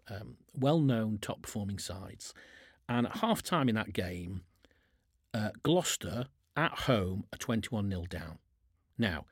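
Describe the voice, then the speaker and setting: A man's voice: fairly low pitch, slightly rough, no echo, studio quality. A man, chairman of a business, talking casually on a podcast, telling sports stories and often restarting his sentences. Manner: chatty, restarts a lot, uses sports stories.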